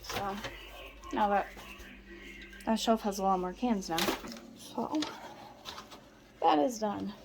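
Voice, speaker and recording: A woman's voice: lively intonation, takes it slowly, creaky, long pauses, noisy background. A young woman casually narrating a home vlog, chatty and playful as she puts groceries away. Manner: chatty, playful, talks to her cat in a squeaky baby voice. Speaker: vlogger. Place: home kitchen.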